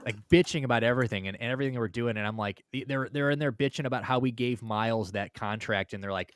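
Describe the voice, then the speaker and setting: A man's voice: medium pitch, fast, few pauses, clear, resonant tone, no room sound, studio quality. A man hosting a casual sports talk livestream, rambling and swearing, often ranting heatedly. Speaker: host.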